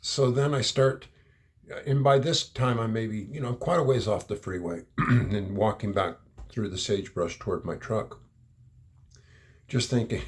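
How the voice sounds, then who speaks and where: Middle-aged male storyteller, low gravelly voice, rambling, casual anecdote delivery. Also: expressive, unhurried, a little mellow. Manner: rambling, repeats words, chuckles while telling. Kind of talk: personal anecdote told aloud.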